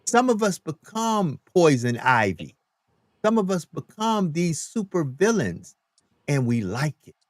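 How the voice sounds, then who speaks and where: A man's voice: a little high, sing-song, a little slow, dry recording, clean studio sound. Emphatic man, preachy live-stream host. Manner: preachy, emphatic, repeats phrases for effect. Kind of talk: live stream talk show.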